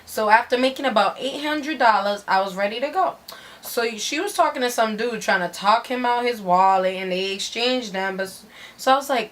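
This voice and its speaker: A woman's voice: fairly high pitch, expressive, moderate pace, a bit bright. A woman giving a dramatic story reading in a brash, profane, slangy way.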